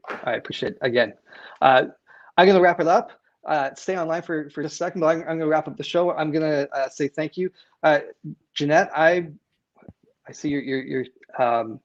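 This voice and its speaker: A man from Canada who hosts a real estate live stream, earnest and halting, with many fillers and restarts as he signs off. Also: fairly high pitch, dry recording, highs cut off. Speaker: real estate agent and show host.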